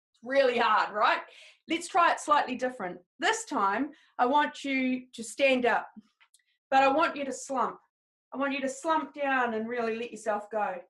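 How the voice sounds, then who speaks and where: A woman leads a live training webinar. Her voice sits high and bright in pitch, and she keeps an upbeat, encouraging tone as she speaks directly to her listeners. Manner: upbeat, encouraging, talks straight to the audience. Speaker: presentation skills trainer.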